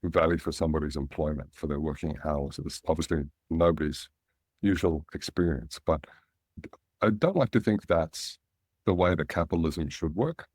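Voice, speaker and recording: Aussie guy in his 50s spinning a yarn in an interview, low voice, dry close mic. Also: normal speed, no room sound. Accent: Australian. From Australia. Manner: anecdotal, animated when quoting others. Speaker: guest, angel investor. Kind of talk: relaxed storytelling interview.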